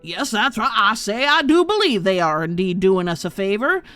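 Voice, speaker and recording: Woman doing a puffed-up, pompous town official, blustery drawl, a bit louder and higher than her normal voice, tabletop game npc. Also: lively intonation, moderate pace, soft background music, natural voice. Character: pompous, balding, heavyset middle-aged townmaster.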